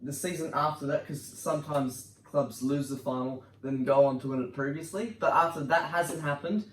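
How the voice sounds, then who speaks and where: Casting: higher male host, bantering, set back from the mic with faint hiss. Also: distant mic. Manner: quick banter, laughs easily. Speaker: podcast host. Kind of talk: casual football chat. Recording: roomy sound from off-mic, faint noise.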